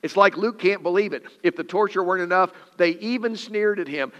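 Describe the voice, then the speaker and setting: Man, pastor, emphatic sermon delivery, slightly high voice, long hall reverb. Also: a bit bright, lo-fi sound. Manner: earnest, emphatic preaching with dramatic scripture reading.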